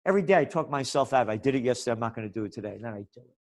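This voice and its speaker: A man's voice: mid-range voice, lively intonation, rapid-fire, darkish tone. A man speaking as a podcast guest in a fiery, ranting, sarcastic way. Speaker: guest, trends forecaster. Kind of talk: impassioned podcast interview.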